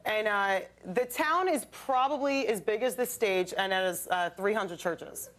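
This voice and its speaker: A young woman telling stories as a guest on a late night talk show, in a chatty, animated way. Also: mid-range voice, a little slow. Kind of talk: casual chat. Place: television studio with audience. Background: studio audience.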